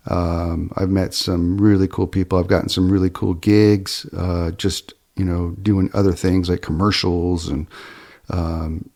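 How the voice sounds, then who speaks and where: A man's voice: low voice, a little mellow. A middle-aged man who owns a fly shop, casually telling rambling stories full of fillers and restarts, briefly raising his voice to act out what people said. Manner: rambling, filler-heavy, acts out quoted lines in a raised voice. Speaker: fly shop owner and podcast host. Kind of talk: casual storytelling.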